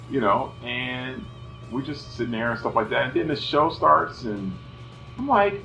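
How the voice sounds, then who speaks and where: Middle-aged man, lively storyteller who acts out voices, roomy sound. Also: mid-range voice, normal speed, gravelly. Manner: animated, acts out voices, many "you know" fillers. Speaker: son telling family stories. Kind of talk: casual family storytelling. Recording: roomy, slightly dull, faint music behind.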